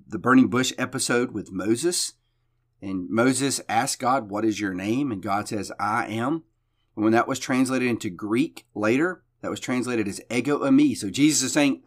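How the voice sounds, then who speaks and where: Man teaching scripture in a relaxed, restarting way. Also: medium pitch. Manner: conversational with frequent restarts and repeated words; reads scripture aloud then explains it. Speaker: podcast Bible teacher. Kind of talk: devotional Bible teaching.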